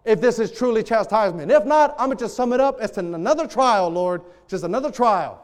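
A man preaching a sermon as a pastor, animated, acting out quoted prayers. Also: sits high, fairly quick, in a large hall.

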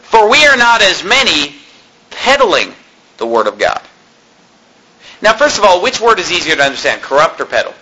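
An American man preaching a sermon, animated and mocking, swinging between loud points and low asides. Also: normal speed, pauses often, poor audio. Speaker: pastor.

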